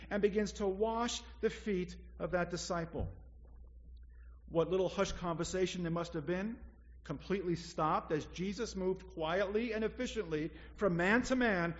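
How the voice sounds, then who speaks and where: High-voiced preacher with a vivid delivery. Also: male voice. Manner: vivid storytelling, slowing down for emphasis. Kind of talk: sermon. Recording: slightly dull lo-fi recording.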